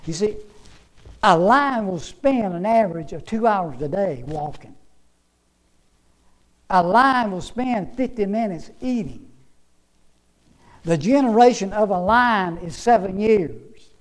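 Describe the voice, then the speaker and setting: A man's voice: sits high, lively intonation, slow, pauses often, poor audio. A man preaching a sermon in an emphatic, repetitive, folksy way, reading scripture and telling stories.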